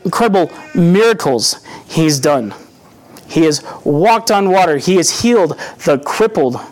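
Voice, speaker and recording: A young male preacher with a slightly higher-pitched voice gives a sermon that feels more like teaching than proclaiming. He stays earnest and conversational, slipping in brief acted-out quotes.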